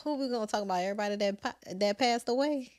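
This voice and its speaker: A woman's voice: fairly high pitch, racing, a little mellow. A young woman co-hosting a podcast, chatting casually and laughing easily. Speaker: podcast co-host. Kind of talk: casual chat.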